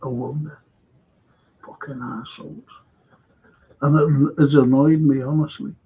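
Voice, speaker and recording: A man with a Liverpool accent hosts a live stream, ranting casually through a rambling story full of swearing and heated outbursts. His voice is fairly high, warm and slightly rough, with a steady, unhurried delivery. The highs are cut off.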